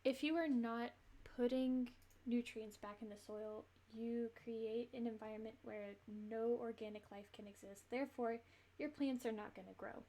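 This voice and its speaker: A woman streaming a game and chatting along in a loose, rambling way, often breaking into little laughs. Her voice sits a bit on the high side. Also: steady tone, normal speed, warm tone. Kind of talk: casual gameplay commentary.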